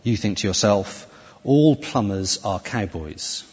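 A man preaches in a church with a husky, animated voice that swings widely in pitch. His talk is conversational, with many restarts. The sound is dull and carries a long reverb from the hall. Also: slow pace. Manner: lively, conversational preaching with self-corrections. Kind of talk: sermon.

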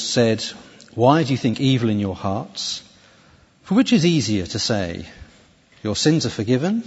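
A man preaching a sermon in a church, conversational and animated, often restarting his phrases. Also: lowish voice, slightly rough. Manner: lively, conversational preaching with self-corrections. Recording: dull, echoey church hall recording.

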